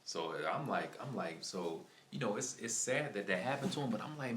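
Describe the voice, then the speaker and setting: A man with a very deep voice tells a story to his stream in a loose, rambling way, circling back over the same points. His voice rings around a bare room with plenty of echo, and a faint hum sits underneath. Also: expressive, fairly quick, few pauses. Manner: rambling, repeats himself, lots of "like" and "man". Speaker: live streamer. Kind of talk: casual storytelling to stream viewers. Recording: echoey room with faint ambient noise.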